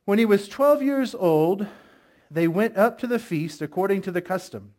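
A man's voice: high-pitched, lively intonation, moderate pace, darkish tone. A middle-aged male pastor giving a sermon, telling stories in a conversational way and asking the congregation questions.

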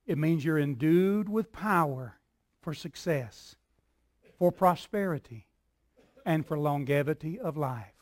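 A man preaching a sermon as pastor, building in repeated phrases and swinging from soft, low lines to loud cries. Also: expressive, slow, dry recording. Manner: preaching with call-and-response rhythm, dropping soft then shouting.

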